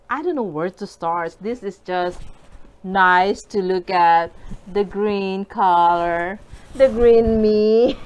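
A woman vlogger chatting cheerfully with her viewers while eating in her home kitchen, often giggling and calling them guys. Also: fairly high pitch. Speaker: mukbang vlogger. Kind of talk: casual mukbang chat while eating.

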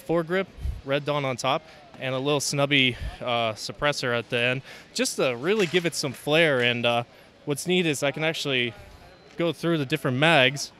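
A man casually showing off his handmade models at a convention, talking as he demonstrates with a relaxed manner and many fillers. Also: medium pitch. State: out of breath. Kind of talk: casual show-and-tell. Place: convention hall, indoors.

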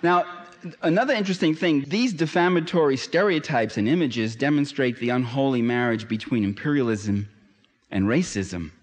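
A man's voice: medium pitch, normal speed, in a large hall. A man giving a public lecture in an emphatic, sarcastic manner that rises to impassioned.

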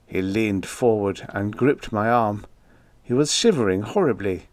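A man giving a dramatic horror audiobook narration, measured and building dread. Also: lowish voice, darkish tone, dry recording.

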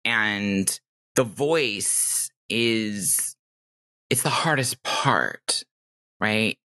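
This woman, a game designer appearing as a podcast guest, speaks candidly and reflectively. Her very deep voice moves extremely slowly and sounds pushed and bright, carrying a nasal, self-made Californian-Midwestern accent.

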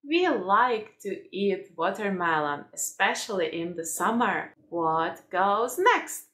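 A woman teaching toddlers in a slow, exaggerated sing-song manner, repeating words. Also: medium pitch, very animated, a bit bright. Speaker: children's teacher. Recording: roomy echo.

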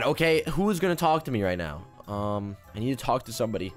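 Excitable young man with lively pitch. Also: a little fast, few pauses, faint music behind. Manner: excitable, joking, rambling with repeated restarts. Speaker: gaming YouTuber. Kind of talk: casual gameplay commentary.

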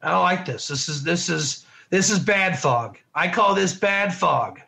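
High, gravelly-voiced male Bible teacher. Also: expressive, measured pace, pushed and bright. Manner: chatty, repeats words and restarts, asks the class questions. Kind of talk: informal class lecture.

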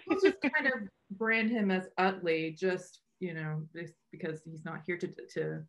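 A woman's voice: on the low side, normal speed. Chatty woman hosting a video call. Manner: chatty, many restarts and fillers. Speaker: meetup co-founder and host. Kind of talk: casual welcome remarks on a video call.

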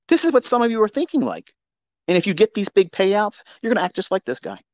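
A man's voice: high voice, fast, dry recording. Profane, mocking man telling a story. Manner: profane, mocking, animated storyteller with sudden loud outbursts. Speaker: trading educator on a live audio space. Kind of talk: casual storytelling monologue.

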